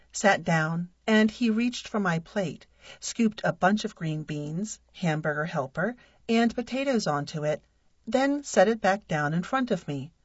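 A married woman reading a humorous personal essay aloud in a wry, deadpan way. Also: medium pitch, no echo. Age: adult. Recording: dull lo-fi dry recording.

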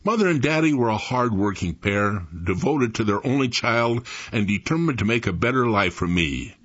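A man in his eighties reading his own memoir aloud in an expressive storytelling manner. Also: medium pitch, normal speed. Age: 80s. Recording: dull lo-fi recording.

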